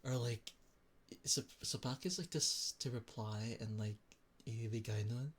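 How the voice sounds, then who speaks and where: A man's voice: mid-range voice, steady tone, measured pace, slightly rough. A young man from the Philippines, chatting casually with his stream chat, thinking aloud with lots of fillers.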